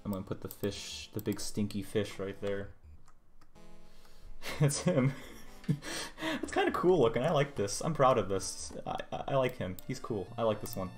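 A man's voice: fairly low pitch, expressive, moderate pace, long pauses. A young man streamer chatting casually while he draws, rambling and muttering to himself about his work. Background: music playing.

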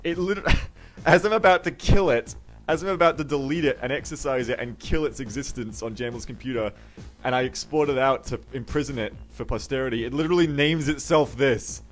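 A young man streaming a video game, telling stories in excitable banter, swearing freely and slipping into silly voices. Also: mid-range voice, a little fast, faint music behind.

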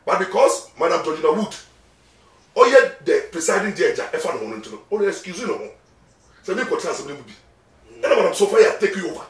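A man with a Ghanaian accent, a lawyer being interviewed, talks a little fast in a high voice with big pitch swings. His animated speech mixes Twi and English, stresses points emphatically, and repeats words; the mic sits far off in an echoey space.

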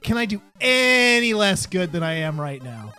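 A woman's voice: mid-range voice, very animated, moderate pace, bright, forceful tone, clean tone, soft background music. A young woman playing a platform game and chatting casually, often frustrated and swearing at her mistakes. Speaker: let's play gamer. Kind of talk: casual gaming chat.

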